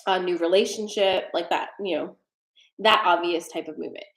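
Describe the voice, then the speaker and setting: A woman's voice: lowish voice, moderate pace, echoey room. A woman hosting a live-stream tarot card reading, chatty and rambling with fillers, a little out of breath. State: slightly out of breath. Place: home desk with a treadmill.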